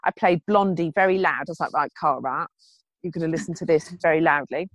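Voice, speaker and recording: A woman in casual chat, telling a funny story with lively acted-out quotes. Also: low-pitched, a little fast, no room sound. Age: adult. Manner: animated storytelling, acting out quotes.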